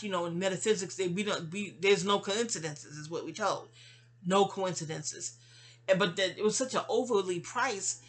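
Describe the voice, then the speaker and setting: A woman's voice: mid-range voice, a bit bright, breathy edge. A woman hosting her own channel, venting in a casual, rambling monologue full of restarts and trailing asides. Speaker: channel host.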